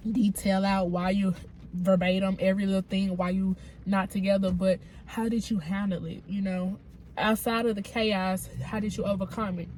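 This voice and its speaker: A woman's voice: mid-range voice, darkish tone, a little hiss or hum. A woman with a cold, congested, giving a chatty, frank recap of a reality show and talking straight to her viewers. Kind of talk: casual recap commentary.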